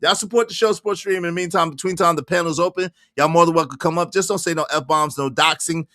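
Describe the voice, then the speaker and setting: An excitable man hosts a reaction livestream, talking to his chat, laughing and repeating himself. His voice is bright, forceful and a little high, and he speaks quickly. The sound is close and dry, with no echo or room around it.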